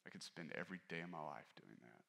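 A male pastor preaching a sermon in a candid, conversational way, rising to stress points and dropping low and quiet for personal asides. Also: lively intonation, fast talker, creaky. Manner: candid, conversational preaching that rises and falls in force.

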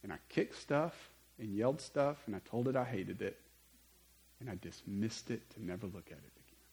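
A man preaching a sermon, telling stories in an animated way with conversational asides. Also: fairly low pitch, normal speed, poor audio. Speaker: pastor.

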